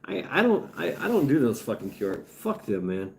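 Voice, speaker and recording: Hardly pausing at all, a man hosts a casual livestream in a very animated, creaky, medium-pitched voice at normal speed. He rambles, reads chat, and talks to viewers, with stammering restarts and a bit of swearing mixed in.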